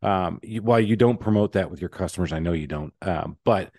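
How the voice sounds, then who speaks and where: A man's voice: low-pitched, a little fast, dark tone, dry recording, clean studio sound. A man hosting a podcast, chatting in a rambling, joking way. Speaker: podcast host. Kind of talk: casual interview chat.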